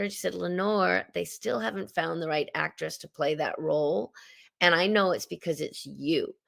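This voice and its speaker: امرأة بصوت خشن أجش في مقابلة. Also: female voice, fairly low pitch, vocal fry. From Canada. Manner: warm, expressive storyteller. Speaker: interview guest, actress. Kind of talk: casual interview storytelling.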